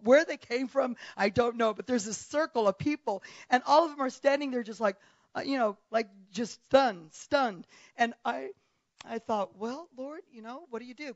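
A woman telling a testimony in a sermon, lively and storytelling, acting out the people she describes. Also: on the high side, no room sound, muffled recording. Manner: animated storytelling, acts out voices. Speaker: preacher.

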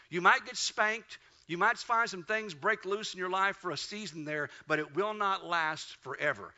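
A man preaching a sermon with emphatic swings, rising to loud peaks and dropping low. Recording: dull lo-fi recording.

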